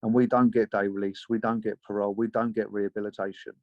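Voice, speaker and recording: A man talking as a guest in an interview, telling his story in a measured, sober way. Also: lowish voice, flat delivery, no echo. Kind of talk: interview conversation. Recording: dull lo-fi sound.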